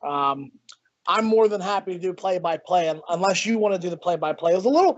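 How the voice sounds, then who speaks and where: A man's voice: sits high, animated, quick pace. A man doing casual play-by-play commentary for an online hockey league, upbeat and stumbling over repeated words. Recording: dull lo-fi stream audio.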